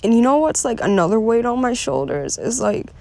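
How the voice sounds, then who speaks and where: A woman's voice: on the high side, very animated, brisk, mellow, no echo. A young woman venting frankly in a rambling, unscripted monologue, swearing freely and full of filler words. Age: young adult. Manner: frustrated and restless. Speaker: vlogger.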